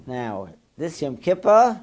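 Male Torah teacher, lively up-and-down delivery, peppers English with Hebrew terms. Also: fairly high pitch, slow pace. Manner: animated, asks the listeners rhetorical questions. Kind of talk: Torah class lecture.

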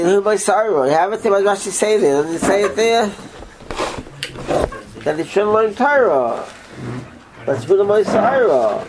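A man giving an informal Torah class, quizzing his listeners in an animated way. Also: high voice, background noise. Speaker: Torah teacher.

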